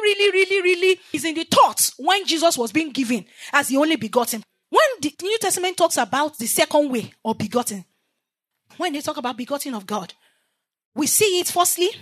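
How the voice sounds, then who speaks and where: A woman with a high, light voice delivers a sermon. She teaches emphatically and repeats herself for weight. She leaves scripture lines hanging for listeners to finish in call-and-response. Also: fairly bright tone. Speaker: preacher.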